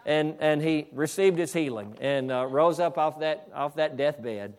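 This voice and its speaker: A fervent male preacher with a high voice, preaching a sermon. He stumbles and restarts his phrases, then swells up to shouted declarations. Bursts of praise break into his flow. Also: unhurried. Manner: fervent, repetitive restarts, exclaims "hallelujah"; builds to shouting.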